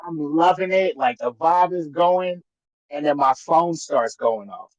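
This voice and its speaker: A fairly high-voiced man spins a story in loose, profane podcast chat. He acts out every quoted line along the way, and his voice sits dry and close to the mic. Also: expressive, unhurried, dry recording, highs cut off. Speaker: podcast co-host.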